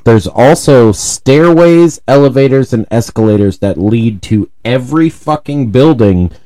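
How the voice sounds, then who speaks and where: A man's voice: mid-range voice, expressive, measured pace, mellow, poor audio. A man co-hosting a casual comedy podcast, telling rambling stories and swearing freely. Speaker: podcast co-host.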